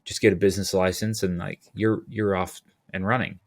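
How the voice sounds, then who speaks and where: Rambling, animated man with a low voice. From California. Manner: rambling, animated, restarts and quick asides. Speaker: podcast guest, utility locator. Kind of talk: casual interview talk.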